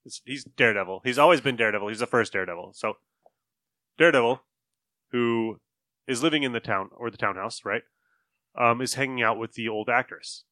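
A man co-hosting a comic book podcast, chatting casually in an excitable way and swearing now and then. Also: mid-range voice, brisk, pauses often, dry recording. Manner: excitable, profane, jumps between words. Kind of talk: casual chat.

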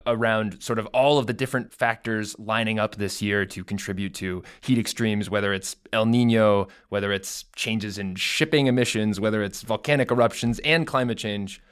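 A man interviewing a guest, asking long questions in a thoughtful, measured way. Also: fairly low pitch, smooth.

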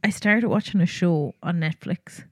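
A young woman co-hosts a podcast in relaxed, casual chat. She chats on freely, laughs often and lets sentences trail off. Her voice sits a bit low and is recorded close and dry, with no room sound. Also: moderate pace, slightly rough, no echo. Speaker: podcast co-host.

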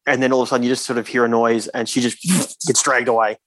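Male co-host, animated storyteller, dry close recording. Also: medium pitch, fast, dry recording. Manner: animated retelling, swears freely. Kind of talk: casual chat.

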